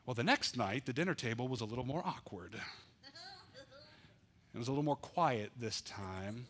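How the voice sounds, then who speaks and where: A male pastor preaching a sermon, telling a story with animated, dramatic delivery. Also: medium pitch, normal speed.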